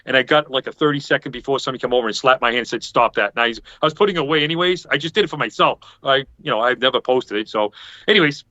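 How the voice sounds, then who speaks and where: A man's voice: medium pitch, rapid-fire, sharp tone, no room sound. A man telling a rambling story in a casual chat over a video call, acting out what other people said. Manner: rambling, acts out quoted people. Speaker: podcast panelist. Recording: dull lo-fi video call audio.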